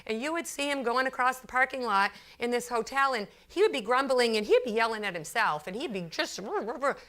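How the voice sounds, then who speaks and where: A woman speaks to a business crowd with a bright, sharp voice. She tells her workplace story in a lively, chatty way and acts out the people in it. Her talk is loose and full of fillers. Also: fairly high pitch, a little fast. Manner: frequent fillers and repeated phrases. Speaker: consultant giving a talk. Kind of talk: storytelling speech to a business audience.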